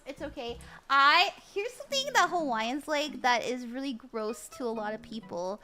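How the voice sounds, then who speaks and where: Young woman doing tarot on stream, high lively voice, lots of giggles, chatty. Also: measured pace, few pauses, soft background music. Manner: giggly, bubbly, chatty with viewers. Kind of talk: casual live-stream tarot reading.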